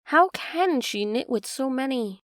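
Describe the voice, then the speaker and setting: A woman's voice: fairly high pitch, animated, moderate pace, dry recording, clean studio sound. A woman voicing a polite, wondering seven-year-old girl in a storybook reading. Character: young girl, polite and puzzled.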